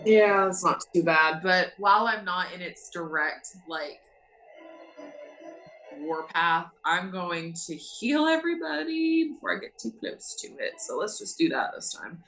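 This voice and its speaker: A woman player in a tabletop game, thinking aloud with hesitant pauses. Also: fairly low pitch, animated, fairly bright tone, slight background noise, rough recording. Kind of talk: casual tabletop play.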